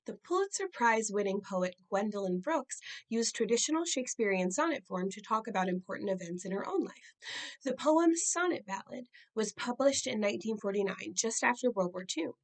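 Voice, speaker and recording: A woman hosts an educational program about poetry. Her delivery is clear and measured, and she slows down when she reads verse aloud. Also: medium pitch, rough recording. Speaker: educational show host. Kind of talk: scripted narration and poetry reading.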